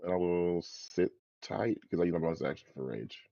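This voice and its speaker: A man's voice: low voice, lively intonation, moderate pace, creaky, dark tone, no room sound, highs cut off. A man playing in a tabletop game, laid-back, counting dice aloud. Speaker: player. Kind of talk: casual game chat.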